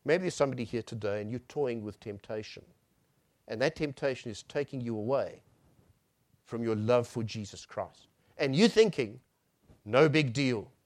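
A male preacher giving a sermon. He swells on key phrases and then drops to a near hush. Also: mid-range voice, expressive, moderate pace, no room sound.

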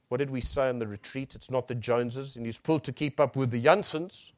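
A male preacher giving a sermon. He swells on key phrases and then drops to a near hush. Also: mid-range voice, a little fast, few pauses, dry recording, clean studio sound.

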